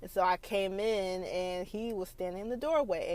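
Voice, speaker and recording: A young woman hosts a casual podcast monologue, telling her story with fillers and false starts. Her voice sits at a middle pitch for a woman. The recording is dry and close, with no room sound around her. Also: normal speed, a little mellow, dry recording. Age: young adult. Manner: chatty storytelling, frequent fillers and restarts. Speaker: podcast host.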